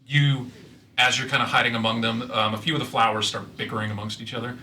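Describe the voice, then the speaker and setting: A man's voice: medium pitch, quick pace, slight background noise. Loose, rambling male game master. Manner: relaxed, stumbling narration full of fillers. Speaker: dungeon master. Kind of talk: narrating a tabletop game.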